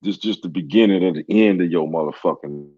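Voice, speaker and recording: A man's voice: low voice, a little fast, mellow. A man commenting on sports in a heated, profane casual rant. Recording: dull lo-fi sound.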